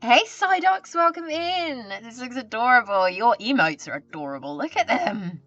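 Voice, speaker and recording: A woman's voice: fairly high pitch, big pitch swings, normal speed, fairly bright tone, no echo, faint music behind. Chatty woman streamer, dry lo-fi sound. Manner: chatty, greets viewers and reads their messages aloud. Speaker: live streamer. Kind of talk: casual chat with live viewers. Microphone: desk mic with pop filter.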